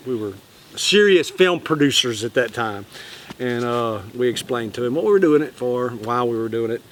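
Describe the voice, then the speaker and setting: A man, telling a fishing story in a casual, animated way and acting out the quotes. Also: mid-range voice, normal speed, slight background noise. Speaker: channel host.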